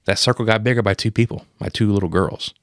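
A man in his thirties telling a personal story on a podcast, emotional and profane, marking each scene change with a sudden boom. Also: quick pace, dry recording, clean studio sound. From Pennsylvania. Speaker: podcast co-host. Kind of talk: casual storytelling.

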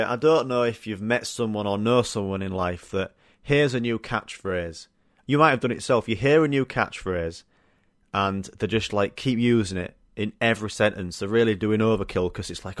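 A man's voice: lowish voice, moderate pace, no room sound. Sweary young man, dry sound. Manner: chatty, swears a lot, rambling anecdotes. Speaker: podcast host. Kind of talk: casual solo podcast chat.

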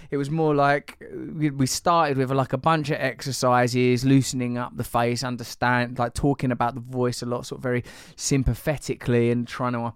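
A man's voice: medium pitch, little pitch movement, normal speed, few pauses, smooth, no room sound, studio quality. A man hosting a casual conversation, curious and rambling, full of fillers and restarts.

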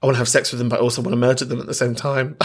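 A man's voice: medium pitch, little pitch movement, breathy edge. A man hosting a podcast, talking openly and camply and laughing easily as he answers callers. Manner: candid, camp, quick to laugh. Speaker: podcast host. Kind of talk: casual chat.

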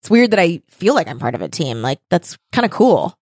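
A woman in casual conversation, retelling a TV episode with lively quoted voices. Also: lowish voice, fairly quick, no room sound, clean studio sound. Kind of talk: casual recap chat.

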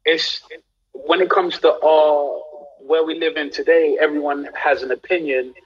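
A man's voice: fairly high pitch, unhurried, breathy edge, lo-fi sound. A young man from London with a London accent, telling stories as the guest in a casual live-streamed interview. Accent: London English. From England. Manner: relaxed storytelling, animated when recounting anecdotes. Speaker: actor guest.

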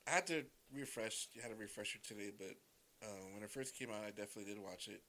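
Bright-voiced easygoing man. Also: on the low side, quick pace, a little hiss or hum. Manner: easygoing, plain, many you-knows. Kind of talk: casual movie chat. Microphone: close podcast mic.

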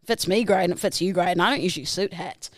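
A woman's voice: lowish voice, fast, no echo, studio quality. Sex: woman. Origin: New Zealand. Role: podcast co-host. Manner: playful. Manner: playful, upbeat plugging. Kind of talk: casual chat.

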